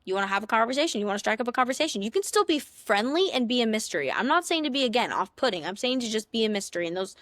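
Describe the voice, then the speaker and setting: A woman's voice: fairly high pitch, very animated, rapid-fire, hardly any pauses, a bit bright, no room sound, clean studio sound. Chatty young woman giving dating advice. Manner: chatty, sassy, playful big-sister tone, acts out little scenes in other voices. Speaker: podcast host. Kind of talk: casual advice talk.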